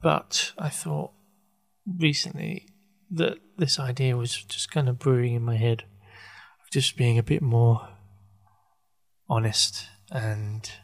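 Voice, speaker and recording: Man, podcast host, rambling, halting, wry asides, mid pitch. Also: steady tone. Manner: halting, full of fillers and self-corrections, wry. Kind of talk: rambling casual monologue.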